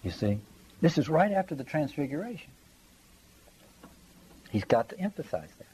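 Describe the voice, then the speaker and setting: A man's voice: a little high, big pitch swings, moderate pace, dark tone, slight background noise, low-quality recording. A man giving a conversational Bible study lecture, reading passages aloud and stressing his points while checking in with his listeners. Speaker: Bible teacher.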